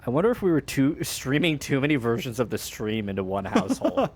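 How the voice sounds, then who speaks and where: A man's voice: medium pitch, big pitch swings, brisk, heavy background noise. A man casually chatting while streaming a strategy game, laughing often and swearing in passing. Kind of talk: casual gaming stream chat.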